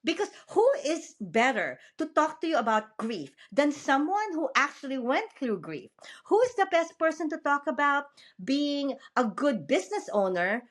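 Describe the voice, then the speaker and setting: A woman from the Philippines with a Filipino accent, hosting a podcast interview in a frank, animated way with lots of fillers. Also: high voice, normal speed. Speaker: podcast host. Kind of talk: casual interview chat.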